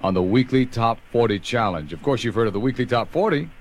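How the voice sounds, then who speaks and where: A man hosting a radio countdown and calling a prize winner, showy and playful with dramatic pauses. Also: mid-range voice, animated, slight background noise. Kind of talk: radio show with a prize call.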